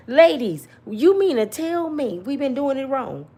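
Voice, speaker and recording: A woman's voice: sits high, sing-song, a little slow, dark tone. A woman giving an emphatic, slangy opinion rant to her viewers, full of rhetorical questions. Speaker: commentary vlogger.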